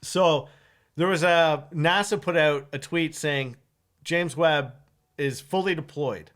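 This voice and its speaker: A man who hosts a morning radio show tells a story in loose, casual chat. His voice sits a little high, and he gets animated, laughing often and acting out both sides of an argument. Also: slow pace. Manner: animated, laughs often, acts out quoted lines.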